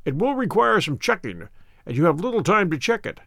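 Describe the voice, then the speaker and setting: A man's voice: high-pitched, very animated, fairly quick, vocal fry, fairly bright tone, no echo, heavily acted. Brief: man voicing a witty, unruffled detective; dry, polite irony, dry close recording. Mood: wry. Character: calm, witty, self-assured male detective.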